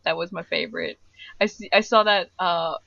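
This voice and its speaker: A woman co-hosting a podcast in casual chat, excitable and emphatic, laughing often. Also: on the low side, moderate pace, vocal fry, dry recording. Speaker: podcast co-host. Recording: dull lo-fi podcast recording.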